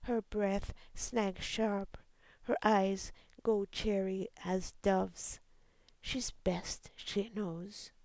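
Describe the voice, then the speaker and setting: A woman reading her own poem aloud in a soft, measured voice that often drops to a half-whisper. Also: medium pitch, steady tone, no echo. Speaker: poet. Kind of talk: poetry reading.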